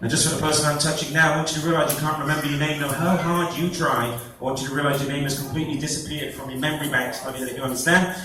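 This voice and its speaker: A man's voice: on the high side, little pitch movement, very fast, few pauses. A man working as a stage hypnotist at a fair, giving repetitive, coaxing commands to volunteers in a playful live-show patter. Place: fair stage before an audience. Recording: echoey, distant, noisy crowd recording.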